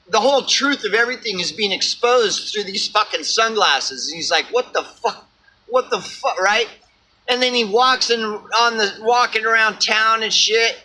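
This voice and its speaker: High, sharp-toned ranting man. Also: poor audio. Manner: profane, rambling, repeats words. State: homeless. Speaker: vlogger. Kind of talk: ranting monologue.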